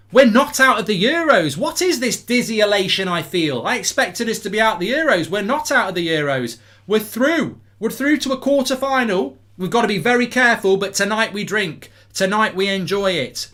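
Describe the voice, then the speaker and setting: A middle-aged man from England hosting a live football watchalong, talking excitedly and breaking into chants and songs. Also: high voice. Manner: exuberant, chanting and singing between rants. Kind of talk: excited live match reaction.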